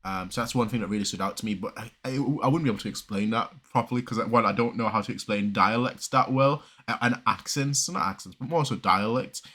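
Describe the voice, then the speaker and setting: A man from southern Germany giving casual reaction commentary, talking fast and rambling with many restarts and pauses. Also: on the low side, pushed and bright. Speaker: reaction video creator.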